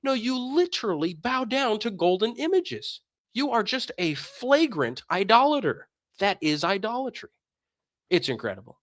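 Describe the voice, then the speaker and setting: A man delivers heated religious commentary and hammers his points home with pointed rhetorical questions. His fairly high voice swings up and down constantly. The sound is dry and close, with no room echo. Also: sing-song, moderate pace, a bit bright. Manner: combative, emphatic, fires rhetorical questions. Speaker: streamer and commentator.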